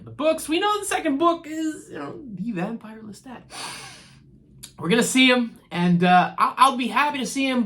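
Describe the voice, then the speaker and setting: A woman giving casual commentary on a TV series, rambling and laughing, and talking straight to the characters as if they could hear her. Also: a little high. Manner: animated, talks straight to the characters; chatty, rambling, laughs easily. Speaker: TV show reviewer.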